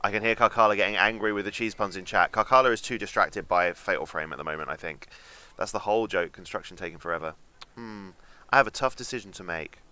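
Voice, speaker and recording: A man's voice: sits low, quick pace, pushed and bright. A young man chatting and joking as he streams a game, reading out chat and swearing now and then. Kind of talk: casual gameplay commentary.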